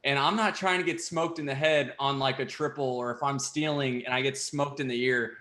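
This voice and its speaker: A man's voice: mid-range voice, fairly even intonation, fairly quick, pushed and bright. A young man, a pro baseball player, chatting casually as a guest with frequent laughs and fillers. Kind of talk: casual interview chat. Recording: echoey room.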